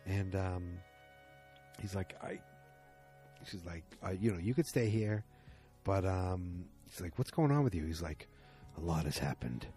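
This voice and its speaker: A man's voice: low-pitched, unhurried, long pauses, mellow, soft background music. A man casually recapping a TV episode at home, rambling and acting out the characters' lines in a raised voice. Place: at home with the episode playing behind.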